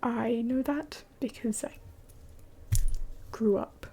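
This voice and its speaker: A woman's voice: a little high, steady tone, takes it slowly, warm tone, slight background noise. A young adult woman streaming live late at night, mostly whispering as she answers chat in a blunt, swearing way.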